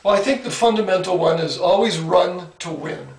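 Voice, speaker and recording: A man's voice: sits high, moderate pace, crowd noise. A man in his sixties, an author doing a humorous mock interview about his book, with dry, self-deprecating wit. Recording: roomy sound from a distant mic.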